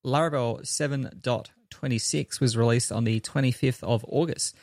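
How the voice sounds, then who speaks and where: A man co-hosting a podcast in easygoing casual chat, often halting and restarting his sentences. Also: mid-range voice, fairly even intonation, darkish tone, no room sound, clean studio sound. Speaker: podcast co-host.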